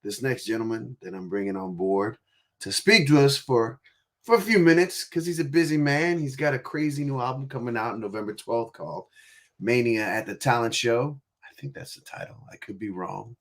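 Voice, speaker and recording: A man's voice: medium pitch, normal speed. A man hosting a casual video-call interview, rambling with fillers, laughing easily. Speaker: show host.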